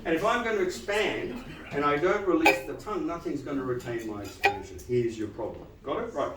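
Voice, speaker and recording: A man giving a live lecture to dentists, animated and quizzing the audience with frequent questions. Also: on the high side, a little fast, reverberant, recorded from a distance, heavy background noise. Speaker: dental lecturer.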